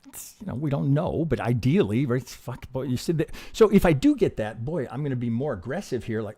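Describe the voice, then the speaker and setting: A man's voice: mid-range voice, expressive, brisk, mellow. A man teaching trading on a live stream, talking casually and profanely and asking rhetorical questions as he goes over charts. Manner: talks himself through charts with rhetorical questions. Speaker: trading educator.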